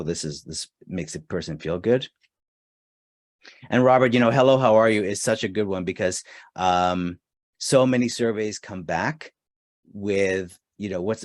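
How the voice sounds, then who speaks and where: Recorded dry with clean studio sound, a deep-voiced man from Canada leads a live customer service training online. He keeps it casual, reads answers from the chat aloud, and fills his speech with fillers as the webinar trainer.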